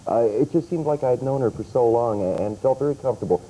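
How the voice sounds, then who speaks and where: A man's voice: medium pitch, fast, mellow, a little hiss or hum, rough recording. A man working as a TV news reporter, chatting in a conversational way in an interview and in the studio.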